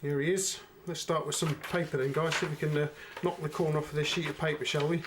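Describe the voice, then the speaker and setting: A man's voice: a little high, little pitch movement, background noise. Chatty man reviewing a knife. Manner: chatty, unhurried, addresses viewers as guys. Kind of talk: casual product review.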